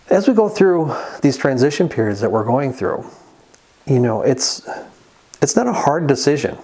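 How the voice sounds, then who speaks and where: A man giving an earnest, conversational sermon as the host of a Christian channel, pausing now and then to read scripture aloud. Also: mid-range voice, a little mellow, slightly rough. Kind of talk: sermon-style monologue.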